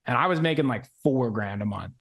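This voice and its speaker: A man's voice: mid-range voice, lively intonation, a little fast, fairly bright tone. A man in his twenties, a podcast guest telling a story in loose, slangy casual chat full of "like" and "bro". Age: 20s.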